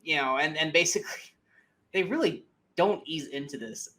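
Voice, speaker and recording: Man, slightly high voice, casual movie review co-host, rambling, frequent fillers. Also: normal speed, bright, forceful tone. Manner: rambling, many restarts and fillers. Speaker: podcast co-host.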